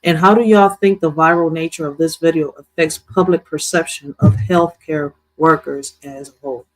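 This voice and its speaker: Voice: mid-range voice, steady tone, moderate pace, low-quality recording. Rambling reaction host. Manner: rambling, slangy, restarts a lot. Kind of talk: casual reaction commentary.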